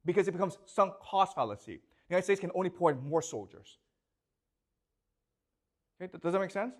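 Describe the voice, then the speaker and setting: A man's voice: sits high, lively intonation, fairly quick. A male professor giving a classroom lecture, emphatic and questioning, who keeps checking in with the class.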